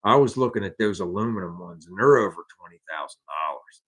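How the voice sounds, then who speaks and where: A man's voice: deep voice, lively intonation, fairly quick, few pauses, a bit bright, husky. A man with an American accent hosting a casual live car-hobby chat, rambling and restarting his sentences. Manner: rambling, repeats words and restarts often. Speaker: podcast host.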